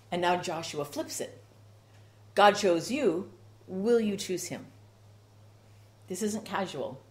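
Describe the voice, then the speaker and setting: A woman preaching a sermon with rhythmic repetition and strong emphasis. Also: lowish voice.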